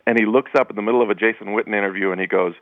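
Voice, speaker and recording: A sports writer, a man, telling a story in a casual, animated way as a guest on a radio interview. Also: fairly low pitch, rapid-fire, no room sound, phone-quality sound. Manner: casual, anecdotal, animated retelling.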